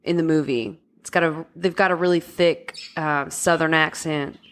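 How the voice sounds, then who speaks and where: A woman's voice: deep voice, fairly even intonation, moderate pace, a bit bright. A woman co-hosting a podcast, talking casually and hesitantly with many fillers. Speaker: podcast co-host. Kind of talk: casual chat.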